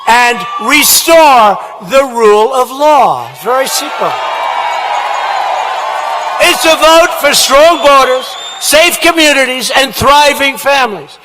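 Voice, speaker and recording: A man giving a campaign rally speech in a large indoor hall, shouting with emphatic, repetitive phrasing into a podium microphone. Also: very high-pitched, expressive, takes it slowly, a crowd in the background, noisy background. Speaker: politician at a rally.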